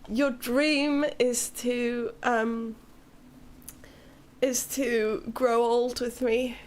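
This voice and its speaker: Welsh woman streamer, young adult, high-pitched and slow-paced, playful and teasing with a casual foul mouth. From Wales. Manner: playful, teasing, swears freely. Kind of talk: casual live-stream chat with viewers.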